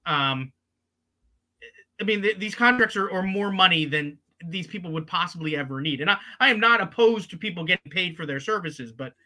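A man with a high, very bright and forceful voice talks sports on a podcast. He rambles and restarts his sentences as he works his way through his points. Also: lively intonation, fairly quick. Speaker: podcast co-host. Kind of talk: casual sports talk.

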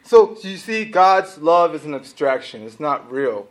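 A man preaching a sermon to a congregation, with a conversational style full of "right?" asides and quick laughs. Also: fairly high pitch, big pitch swings. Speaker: pastor.

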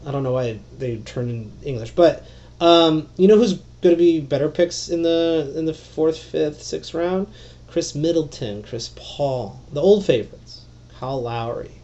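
A man hosting a solo fantasy basketball podcast, rambling and excitable, with lots of fillers and some swearing. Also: fairly high pitch, a little slow, lo-fi sound.

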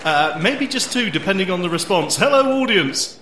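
A man's voice: high-pitched, animated, fairly quick, pushed and bright, a faint crowd. A man co-hosting a podcast, trading dry teasing banter and giggling at the jokes. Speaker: podcast co-host. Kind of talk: playful comedy banter. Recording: roomy sound with faint noise.

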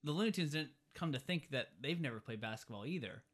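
A man's voice: fairly high pitch, expressive, fast, fairly bright tone. A man casually recapping a movie in a rambling way, filling his talk with "like". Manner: rambling, lots of "like" fillers.

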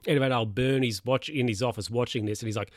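A man's voice: mid-range voice, steady tone, fast, no room sound. Aussie guy rambling thru a movie recap, chuckling, keeps losing his spot, dead dry room. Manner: rambling, chuckles at own story, loses his place and checks notes. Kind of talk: casual film recap.

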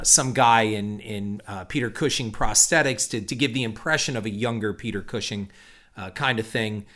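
A man's voice: mid-range voice, fairly bright tone. A middle-aged man hosting a solo podcast, talking in a rambling, opinionated way with many restarts and fillers. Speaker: podcast host.

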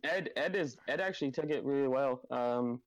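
A man's voice: medium pitch, moderate pace, no echo, low-quality recording. A man chatting casually as a guest, rambling through a story with lots of "like" and frequent laughs. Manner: rambling, laughs often, uses "like" a lot. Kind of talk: casual chat.

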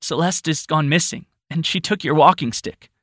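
A man's voice: normal speed, fairly bright tone, natural voice. A man voicing a frightened grown woman searching for her missing daughter, speaking in a raised, pleading voice. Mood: earnest. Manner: raised pitch, pleading and earnest.

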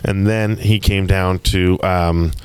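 A man hosting a podcast, riffing in goofy, deadpan wordplay during a casual comedic chat. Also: sits low, slow pace, smooth. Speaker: podcast host.

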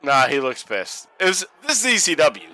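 A man co-hosting a casual watch-along podcast, joking, profane and excitable. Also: mid-range voice, moderate pace, low-quality recording. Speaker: podcast co-host.

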